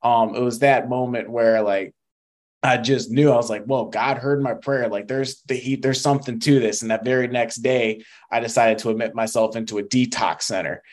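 A young man speaks earnestly as a podcast guest, recounting his story with feeling. His voice sits at an ordinary middle pitch, and he talks in loose, conversational sentences full of "like" and "um.". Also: steady tone, moderate pace. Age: young adult. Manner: earnest, emotional storytelling with fillers. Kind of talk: testimony in casual interview.

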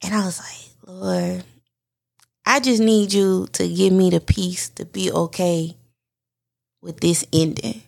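Gravelly-voiced woman podcast host. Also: fairly low pitch, fairly even intonation, measured pace, darkish tone. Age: adult mother. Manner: heartfelt, talks straight to listeners. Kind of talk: candid personal podcast monologue.

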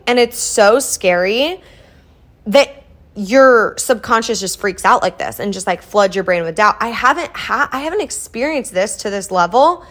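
A young woman from Iowa hosting a solo podcast, talking in a casual, earnest, motivational way with lots of "like" fillers. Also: fairly high pitch. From Iowa, US Midwest. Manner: earnest and chatty, with many "like" fillers. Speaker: podcast host.

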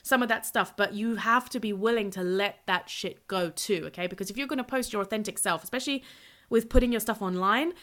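A young woman talks straight into a solo podcast, chatty and full of energy. Her voice is bright and forward, and she swears freely without slowing down. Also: mid-range voice. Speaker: podcast host and purpose coach.

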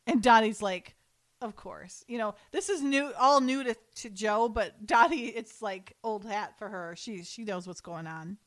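A middle-aged woman in casual chat, recapping an episode with lively quoted lines. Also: fairly high pitch. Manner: animated retelling with quick quoted voices and laughs. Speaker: podcast co-host.

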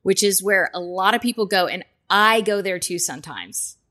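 A woman's voice: mid-range voice, expressive, normal speed, sharp tone. A woman hosting a podcast, talking casually and earnestly, reassuring listeners with many fillers and restarts. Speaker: podcast host.

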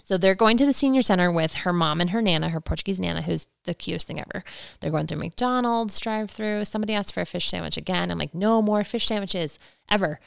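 Brief: gossipy woman podcast host, gravelly smooth voice, dry close sound. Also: fairly low pitch, quick pace, dry recording. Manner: chatty, gossipy, acts out quotes with laughs. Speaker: podcast host recapping a reality show. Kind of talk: casual solo recap chat.

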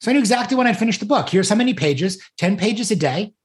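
A man's voice: sits high, expressive, fast talker. Enthusiastic man talking goals. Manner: enthusiastic, repeats key phrases. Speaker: podcast co-host. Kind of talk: casual conversation.

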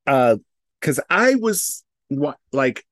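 A man's voice: mid-range voice, big pitch swings, takes it slowly, dry recording, clean studio sound. A man co-hosting a casual podcast chat, hesitant, with frequent restarts. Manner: hesitant, many restarts and fillers. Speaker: podcast co-host.

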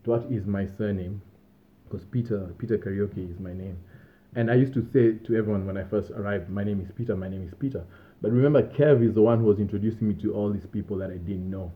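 A young man with a fairly low voice rambles easily through his stories as a podcast host, pausing on fillers and small laughs. The sound is thin and tinny, like a phone line. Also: steady tone. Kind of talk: casual storytelling monologue. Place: Australia.

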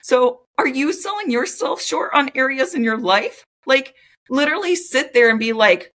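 A woman's voice: sits high, big pitch swings, normal speed, fairly bright tone. A young woman talking candidly to camera in a casual self-help monologue, chatty, full of "like" and swearing freely. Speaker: vlogger.

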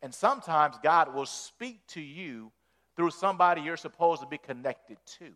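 Animated, folksy male preacher. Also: a little high, normal speed. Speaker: pastor. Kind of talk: sermon.

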